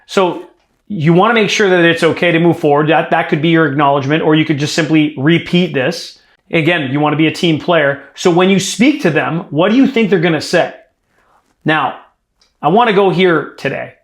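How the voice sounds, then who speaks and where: A man's voice: fairly high pitch, moderate pace, roomy sound. A man coaching a sales team in a direct, emphatic way, acting out sample lines. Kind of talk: coaching workshop.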